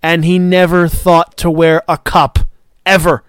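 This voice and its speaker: Excitable man reviewing wrestling. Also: fairly high pitch, measured pace, smooth, dry recording, clean studio sound. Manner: excitable, swears, acts out quotes. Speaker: podcast co-host. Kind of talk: casual wrestling review chat.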